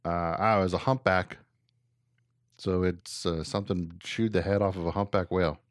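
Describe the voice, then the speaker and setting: A man with a somewhat low voice hosts a casual talk show, reading news items aloud and joking with his co-host. The sound is close and dry, with no room around it. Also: normal speed, no echo. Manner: relaxed, joking, reads articles aloud with filler "uh". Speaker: podcast co-host.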